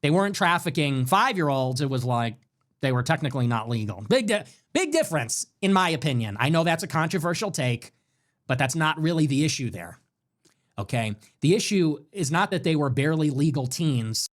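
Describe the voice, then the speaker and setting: A man holds forth on his livestream in a loud, emphatic rant, swearing freely as he goes. His voice sits a touch high for a man, and he pushes through even though he is sick with a fever. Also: fairly quick. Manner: animated, emphatic, swears often. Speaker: livestream show host. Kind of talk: ranting livestream monologue.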